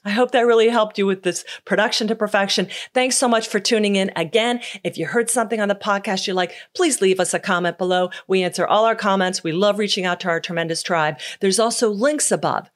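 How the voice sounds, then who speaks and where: A middle-aged woman hosting a motivational leadership podcast, talking in an emphatic, energetic way. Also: medium pitch, fairly quick, hardly any pauses. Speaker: podcast host.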